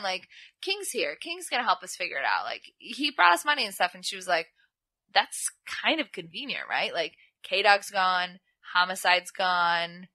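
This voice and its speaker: Young woman podcast co-host, animated storyteller, bright tone, dry close sound. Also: on the low side, moderate pace, dry recording. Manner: animated storytelling, acts out quotes in playful voices. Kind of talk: casual chat recapping wrestling.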